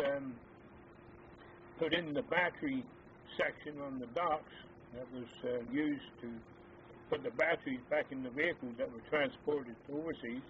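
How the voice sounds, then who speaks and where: An older man, an army veteran, recalling his service days in a halting, hesitant way full of fillers. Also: mid-range voice. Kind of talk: oral history reminiscence. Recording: tinny phone-like lo-fi with faint hiss.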